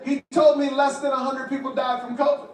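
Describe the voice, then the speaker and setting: A male stand-up comedian telling a story with animated delivery, acting out other people's voices and swearing freely. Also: very high-pitched, a little fast. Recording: roomy, distant and noisy.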